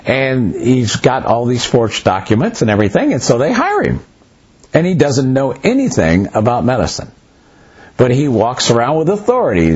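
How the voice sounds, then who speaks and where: A man teaching a Bible study in an easygoing, conversational way, his pitch leaping up and down as he tells a story. His voice has a husky, slightly raspy edge. The recording is muffled and lo-fi. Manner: animated storyteller, voices dialogue, loose restarts.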